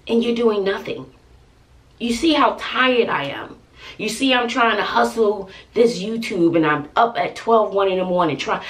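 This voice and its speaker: A gravelly-voiced woman in her forties with a Texan accent vents to her vlog audience, emphatic and exasperated. Her voice sits a bit back from the microphone, with a rough fry running through it. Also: medium pitch, far from the mic. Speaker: family vlogger. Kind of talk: venting to camera.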